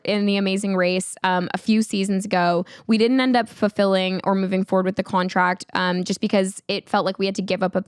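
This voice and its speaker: A young woman hosting a podcast, telling a travel mishap in a casual, animated way with many filler words. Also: mid-range voice, dry recording, clean studio sound. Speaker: podcast host. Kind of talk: casual storytelling.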